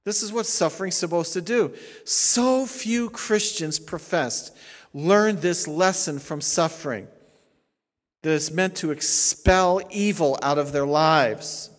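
Emphatic pastor preaching in a reverberant hall. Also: male voice, a little high, slow. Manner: emphatic, shifts between hushed and loud. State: tired. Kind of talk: sermon.

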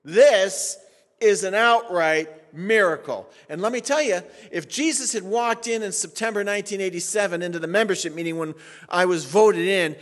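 A man in his sixties preaches with animated, sarcastic flair, his voice pitched high for a man. His sermon rings through a church sanctuary with long hall reverb. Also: moderate pace. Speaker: pastor.

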